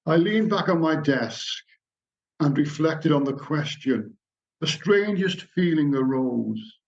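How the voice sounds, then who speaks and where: A man's voice: on the high side, animated, takes it slowly, gravelly. A middle-aged man giving a lecture, telling anecdotes and reading passages aloud. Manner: storytelling, reads passages aloud. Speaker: lecturer at a society lodge. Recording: dull lo-fi recording.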